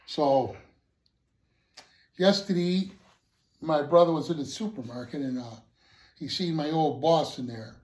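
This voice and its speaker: A man's voice: on the high side, unhurried, long pauses, a little mellow. Winded man rambling in an echoey basement. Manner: rambling, loose, with many fillers and puffing sighs. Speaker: hobby vlogger. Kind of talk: casual rambling chat to viewers. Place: cluttered basement man cave. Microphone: distant from the mic, moving around the room. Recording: echoey basement from a distance, faint noise.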